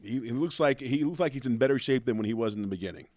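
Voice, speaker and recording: A man's voice: mid-range voice, rapid-fire, darkish tone. A man co-hosting a casual chat, joking and laughing often. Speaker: podcast co-host.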